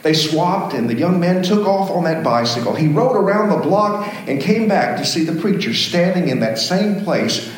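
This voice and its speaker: A man's voice: high-pitched, lively intonation, moderate pace, few pauses. A man, the pastor, preaching a sermon in a folksy storytelling manner, telling jokes and anecdotes. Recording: very echoey church room.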